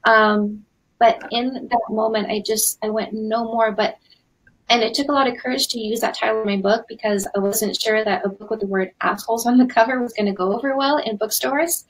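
A Canadian woman in her forties, a dating coach hosting a live webinar in an energetic, chatty way with lots of fillers. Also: on the high side, a little fast, breathy edge, poor audio. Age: 40s.

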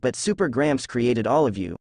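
A man's voice: medium pitch, big pitch swings, normal speed, darkish tone, no room sound, studio quality. A man doing a laid-back teenage ninja boy. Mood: easygoing. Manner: lazy and flustered.

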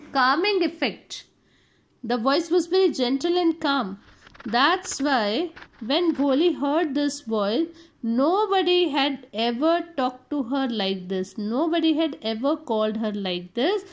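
A woman teacher reads a story passage aloud and then explains it in plain words. Her pace is unhurried and deliberate, with small hesitations as she looks for the right word. Her voice sits a little high. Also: lively intonation, rough recording.

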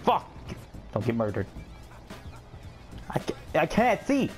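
A young man giving excitable commentary over his own gameplay, yelping, groaning and swearing at the game. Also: medium pitch, a little slow, music in the background. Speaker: gaming channel host.

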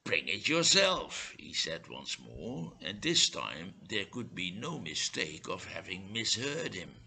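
A man reading a humorous short story aloud in a measured, dryly comic way. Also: low-pitched, big pitch swings, gravelly, sharp tone, breathy edge, low-quality recording. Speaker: storyteller and English teacher.

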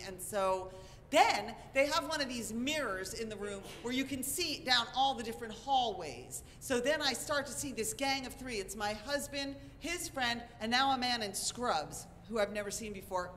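Woman storyteller, wry and animated, bright higher voice, live hall with long reverb. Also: normal speed. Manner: animated, wry, self-mocking. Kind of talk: live comic storytelling on stage. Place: live venue with audience. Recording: reverberant hall, faint noise.

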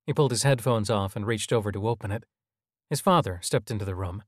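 A man narrating a scripted audio drama in an even, measured storytelling manner. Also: on the low side, no room sound, clean studio sound.

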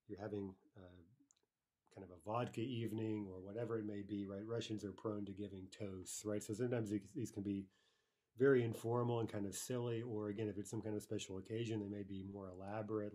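Low mellow-voiced man teaching a lesson. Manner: explanatory, repeats words slowly for practice, frequent "right?". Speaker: language teacher. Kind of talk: online grammar lesson.

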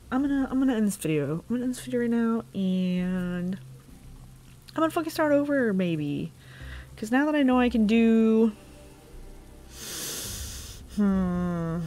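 A woman's voice: on the high side, lively intonation, measured pace, long pauses, warm tone. A woman giving let's-play commentary on her own game, talking to herself in a frustrated way with lots of swearing. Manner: exasperated, swears a lot, talks to herself. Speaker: gaming video creator.

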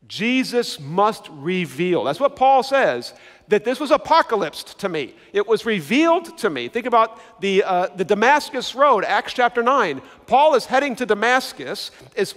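A man's voice: high voice, very animated, normal speed, fairly bright tone, in a large hall. A male pastor preaching an emphatic sermon, repeating key words and putting questions to the congregation.

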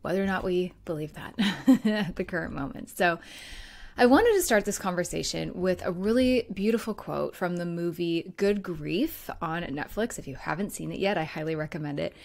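A woman in her thirties hosts a solo podcast as a grief coach. Her voice sits a little low, and she talks in an easy conversational way with fillers and soft laughs. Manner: warm conversational, laughs lightly, many fillers.

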